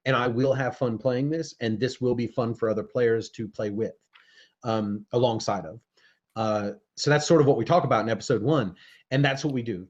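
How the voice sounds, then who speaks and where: A man in the middle of his range chats loosely on a live-stream podcast, restarting and correcting himself as he talks. The sound is a bit dull and lo-fi, like a webcam feed. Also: mid-range voice. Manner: rambling, self-correcting storyteller. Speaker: podcast co-host and game master. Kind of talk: casual live-stream chat.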